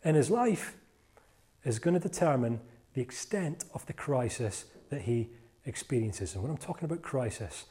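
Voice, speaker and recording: A man's voice: mid-range voice, animated, normal speed, dark tone. A man giving a live seminar talk to an audience, playful and jokey as he works with volunteers on stage. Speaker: motivational speaker.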